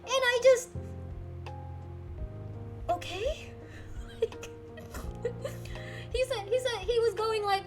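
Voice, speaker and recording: A young streamer from the Philippines casually tells a story on her livestream and answers chat, giggly and lively, often laughing mid-sentence. Her very high voice moves slowly with long pauses over soft background music.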